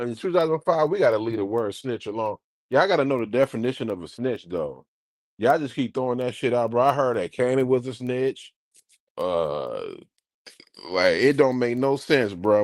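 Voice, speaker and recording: A man streaming, ranting casually to his live chat in an animated, profane way. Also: mid-range voice, moderate pace, no room sound, clean studio sound.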